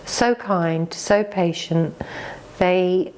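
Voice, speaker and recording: A middle-aged English woman co-hosting a vlog, candidly and emotionally retelling a hard experience, halting and choked up at times. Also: on the low side, a little mellow. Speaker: vlog co-host. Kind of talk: candid conversation.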